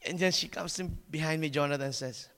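Animated high-voiced preacher in an echoing hall. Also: male voice, fast, vocal fry. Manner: animated storyteller, laughing at himself, stumbling restarts. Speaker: pastor. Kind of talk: sermon testimony storytelling.

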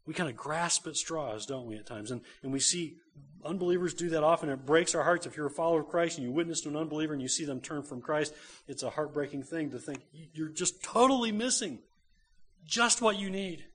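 A man's voice: on the high side, quick pace, slightly rough. A man, a pastor, preaching a conversational sermon to a church congregation.

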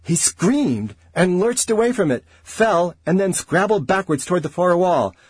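A man narrating an audiobook in an expressive, dramatic way. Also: sits high, a little slow, husky, dry recording.

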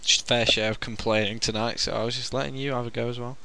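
A man's voice: mid-range voice, level tone, quick pace, gravelly, a crowd in the background. A young man hosting a podcast in casual, jokey, teasing chat. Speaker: podcast host.

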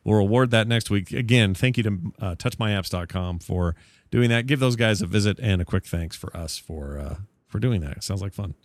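A man's voice: lowish voice, a little fast, no room sound. A man hosting a casual podcast, joking and rambling, sometimes correcting himself. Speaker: podcast host.

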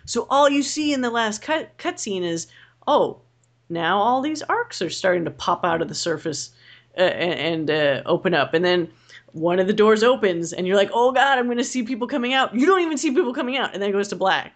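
A young woman chatting casually as a podcast co-host, rambling and animated and swearing freely. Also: mid-range voice, normal speed. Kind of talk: casual chat.

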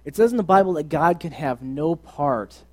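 A young man giving a casual, earnest sermon, moving between loud emphasis and quiet, soft asides. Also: fairly high pitch, expressive, normal speed. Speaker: preacher.

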